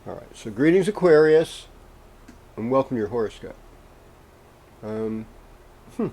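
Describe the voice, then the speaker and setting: A man reading horoscopes as the host, in a casual, meandering way with gentle pauses and fillers. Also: medium pitch, lively intonation, husky. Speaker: astrologer host.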